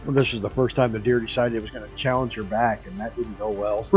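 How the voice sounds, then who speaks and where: A man's voice: mid-range voice, fairly even intonation, brisk, darkish tone, faint music behind, low-quality recording. Laid-back rambling male streamer. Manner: laid-back rambling storyteller, swears casually. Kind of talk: casual chat while streaming a flight game.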